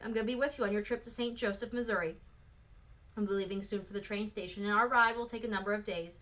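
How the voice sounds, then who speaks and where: A woman reading the part of a cheerful young woman escorting orphans, brisk and reassuring as she speaks to a group. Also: mid-range voice, fairly even intonation, a bit bright, close to an everyday voice.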